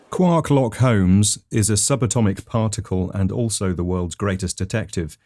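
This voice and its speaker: A man hosting a comedy podcast, telling rambling absurd stories in a deadpan, matter-of-fact way and sometimes correcting himself mid-line. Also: fairly low pitch, normal speed, few pauses. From England.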